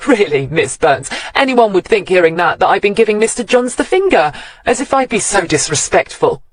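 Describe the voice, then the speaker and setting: A man's voice: sits high, big pitch swings, a little fast, no room sound, voice pushed up. A man voicing a taunting woman inspector. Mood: sarcastic. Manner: mocking and cool. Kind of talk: audiobook character voice.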